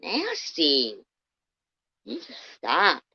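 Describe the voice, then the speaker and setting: A woman with a low voice rants angrily on a livestream, her delivery swinging widely between muttering and shouting. She swears constantly and talks heatedly to someone she despises. The stream audio is dull and lo-fi. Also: wildly swooping pitch, takes it slowly, gravelly, husky. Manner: profane, heated, swings from muttering to loud outbursts. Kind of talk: angry ranting livestream commentary.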